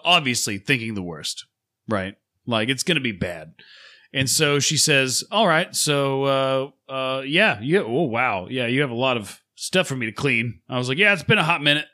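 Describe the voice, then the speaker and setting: A man in his thirties with a bright, forceful voice, chatting casually as a podcast co-host. He rambles through a story, swearing freely and acting out the other people in it. His pitch sits in an ordinary middle range. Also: lively intonation, normal speed. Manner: rambling profane storytelling, acts out others' lines. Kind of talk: casual chat.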